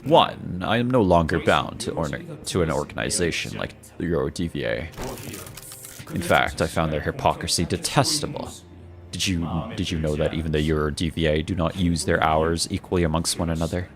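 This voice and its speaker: A man voicing a grandiose male villain from a game who steals time, speaking slowly and condescendingly. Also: very deep voice, pitched below the performer's own voice. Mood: lofty. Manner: slow, lofty, condescending delivery. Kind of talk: dramatic reading of game dialogue.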